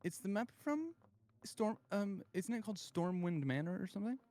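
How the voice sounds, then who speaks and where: A man's voice: high voice, very animated, normal speed, dark tone. A man co-streaming a game, joking bluntly and swearing casually. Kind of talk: casual gaming stream chat.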